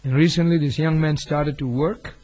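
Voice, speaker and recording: A man's voice: fairly high pitch, fairly even intonation, moderate pace, darkish tone. A man preaching a sermon as a pastor, telling a story earnestly and rising sharply on key words. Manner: earnest, with sudden emphatic rises.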